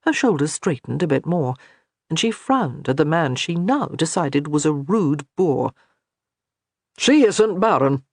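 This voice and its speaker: A narrator reading a historical romance audiobook in a steady, measured way. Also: medium pitch, dry recording, clean studio sound. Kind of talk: scripted narration.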